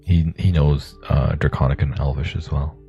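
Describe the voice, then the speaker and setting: A man at a tabletop game with an extremely deep, gravelly voice. He stammers and halts as he speaks. The tone is dark and husky. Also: steady tone, dull audio, faint music behind. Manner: stammering, halting. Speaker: player.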